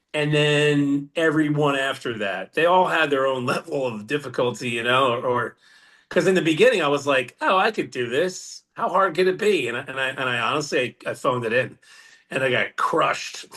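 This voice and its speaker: A man's voice: mid-range voice, normal speed, a bit bright. A man, a podcast guest, telling stories in casual chat, laughing as he goes, with rambling asides. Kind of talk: casual storytelling.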